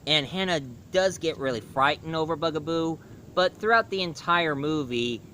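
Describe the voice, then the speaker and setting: Bright-voiced rambling male reviewer. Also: on the high side, normal speed, slight background noise. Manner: rambling plot retelling with fillers. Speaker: cartoon reviewer. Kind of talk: casual spoken review.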